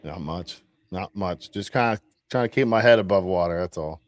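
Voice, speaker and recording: A man's voice: sits low, moderate pace. A man hosting a livestream in casual chat, laid-back and talking through what he is doing. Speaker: livestream host.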